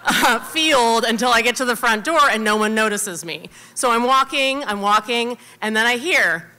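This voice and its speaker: American woman telling a story on stage, bright voice, lots of like and um. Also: on the high side, moderate pace. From United States. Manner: animated, chatty, with many fillers. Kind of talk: live personal storytelling. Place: live club stage.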